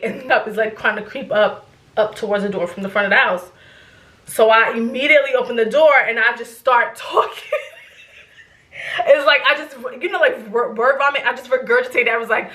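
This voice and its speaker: A young adult woman vlogger telling a story in casual chat, rambling and animated, swearing freely. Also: fairly high pitch, normal speed, roomy sound.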